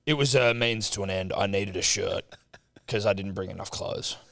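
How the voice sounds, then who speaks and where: A man's voice: on the low side, moderate pace, vocal fry, fairly bright tone. A man co-hosting a podcast in casual chat, laid back and asking follow-up questions. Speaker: podcast co-host.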